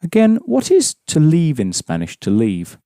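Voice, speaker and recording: A man's voice: a little high, wildly swooping pitch, a little slow, dark tone, no echo, studio quality. A man teaching a language lesson, explaining patiently and prompting his students with questions.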